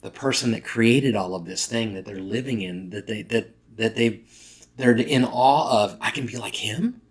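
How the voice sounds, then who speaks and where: Male pastor, lowish voice, conversational sermon delivery, self-corrects mid-word. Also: unhurried.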